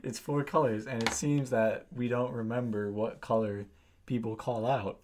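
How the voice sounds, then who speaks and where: A man's voice: mid-range voice, fairly even intonation, normal speed, noisy background. A teenage boy co-hosting a casual podcast chat, swearing a lot and acting out angry players. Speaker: podcast co-host.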